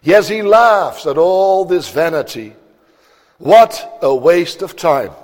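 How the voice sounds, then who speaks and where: A man's voice: high-pitched, darkish tone. A man preaching a sermon in a solemn, declamatory manner, stretching out words for emphasis. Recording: long hall reverb.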